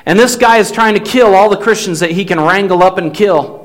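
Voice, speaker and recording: A man preaching a sermon, telling a story in a folksy, animated way with changing pace. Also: high voice, a little fast. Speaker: pastor.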